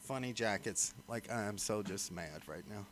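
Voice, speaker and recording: A man's voice: lowish voice, lively intonation, normal speed, fairly bright tone, a little hiss or hum. Man ranting with angry swearing. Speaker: livestream host. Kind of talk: angry livestream rant.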